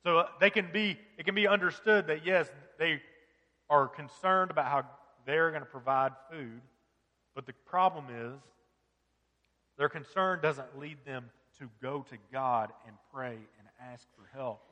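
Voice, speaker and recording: Bright-voiced preaching man, echoing hall. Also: fairly high pitch, a little slow. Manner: earnest preaching with rhetorical questions. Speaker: pastor. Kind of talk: sermon.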